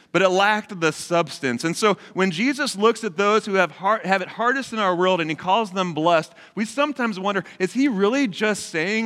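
Preaching to a live congregation, a man in his forties who pastors speaks in a conversational way, often turning to the crowd with questions. His animated pitch swings widely, and the large hall adds a long reverb to his sermon.

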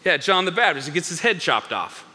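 A man preaching a sermon in an animated way, acting out the figures in the story with big swings in his voice. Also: a little high, brisk, big-room sound. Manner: animated, acts out biblical characters with big voice swings. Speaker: pastor.

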